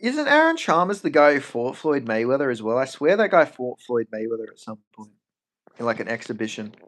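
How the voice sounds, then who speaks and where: A man rambling casually on a live stream, swearing freely as he answers chat. His pitch swings a lot as he talks. He sits in the middle of the range for pitch. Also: very animated, fairly quick, a bit bright.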